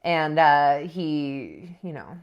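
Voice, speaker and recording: A woman's voice: low-pitched, expressive, very slow, muffled recording. A woman vlogger chatting straight to camera and spinning a personal tale. She talks in a loose, self-mocking way and breaks into laughs often. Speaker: spiritual vlogger. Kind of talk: casual storytelling vlog.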